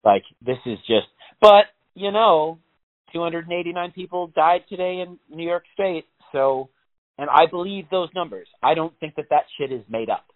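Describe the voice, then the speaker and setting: A man's voice: a little high, animated, moderate pace, no echo. Man, casual chat, rambling, swearing, tinny narrow-band audio. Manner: rambling, swears a lot, laughs often.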